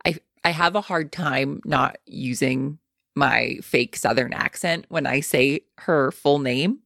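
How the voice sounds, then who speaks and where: A woman's voice: rumbling low, slow, creaky, a bit bright, dry recording, clean studio sound. A woman hosting a podcast, chatting casually and speaking straight to her listeners in an upbeat way. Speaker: podcast host. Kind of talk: casual podcast interview and sign-off.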